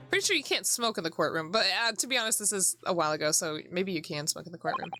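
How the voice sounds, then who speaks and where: A woman's voice: on the low side, lively intonation, fast talker, hardly any pauses. Giggly woman streamer swearing freely. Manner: laughs often, swears freely. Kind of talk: casual gameplay commentary. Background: background music.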